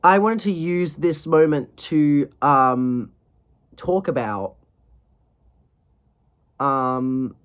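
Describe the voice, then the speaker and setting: A man's voice: on the high side, drawn-out words, long pauses, smooth. A man in his twenties ranting in a casual video diary, tired, profane and rambling. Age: 20s. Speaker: vlogger.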